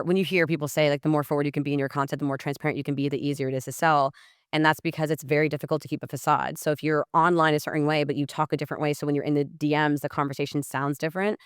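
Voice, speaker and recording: A woman's voice: low-pitched, clean tone, no echo, studio quality. A woman talking as a guest on a podcast interview. She is blunt, swears freely and says "like" a lot. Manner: acts out messages in lively quoted voices. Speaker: podcast guest, sales coach. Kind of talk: casual podcast interview talk.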